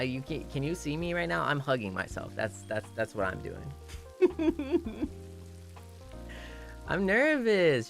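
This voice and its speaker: Man streamer, chatty casual host, gravelly voice, bouncy animated pitch, giggles, faint music behind. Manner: giggly, rambling and self-conscious, mixing English and Japanese. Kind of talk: casual anniversary chat stream.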